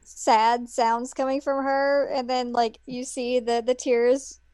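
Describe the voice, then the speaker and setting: A woman's voice: sits high, level tone, slow pace, a little mellow, clean tone, no echo, clean studio sound. A woman co-hosting a casual podcast, adding comments and agreeing as they talk through an episode. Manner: chatty, adds comments and agrees. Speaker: podcast co-host. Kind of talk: casual chat.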